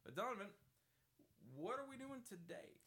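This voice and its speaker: A man's voice: very high-pitched, animated, normal speed, pushed and bright. A man co-hosting a podcast, joking and rambling in casual banter. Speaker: podcast co-host.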